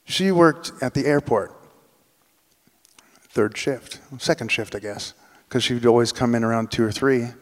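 Male storyteller, lively delivery that acts out other people's voices, mid pitch, long hall reverb. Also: unhurried, long pauses. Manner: animated, acts out quoted voices. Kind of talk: live personal storytelling.

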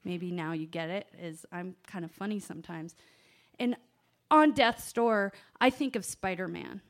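A woman telling a personal story to an audience, animated, swinging from hushed asides to loud exclamations. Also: lowish voice, unhurried. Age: adult parent.

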